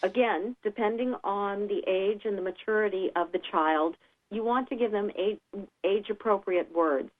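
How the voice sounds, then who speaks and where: Calm woman on a tinny phone line. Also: moderate pace. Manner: calm, explanatory, acts out children's lines in a higher voice. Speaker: guest expert on child behavior. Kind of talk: radio interview.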